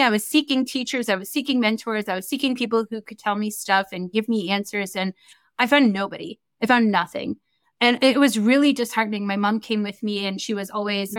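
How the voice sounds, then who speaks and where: Recorded dry, a young adult woman with a mid-range voice guests on a casual interview. She reads Akashic records and shares a story in an animated way, dramatizing the quoted dialogue.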